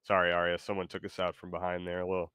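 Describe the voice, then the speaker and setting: Deep-voiced excitable streamer man. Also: very fast, clear, resonant tone. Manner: excitable, rambling, loud bursts. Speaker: streamer host. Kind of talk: casual livestream chat.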